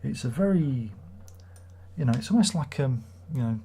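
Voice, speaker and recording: A man's voice: medium pitch, expressive, normal speed, vocal fry, mellow, slightly rough. A man hosting a casual livestream, rambling and swearing as he reads viewer comments aloud. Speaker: livestream host.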